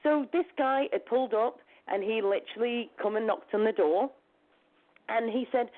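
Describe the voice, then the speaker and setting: A woman's voice: fairly high pitch, normal speed. A woman hosting a talk show, telling a long personal story in a chatty, rambling way. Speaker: show host. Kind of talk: casual storytelling chat. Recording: phone-like lo-fi call audio.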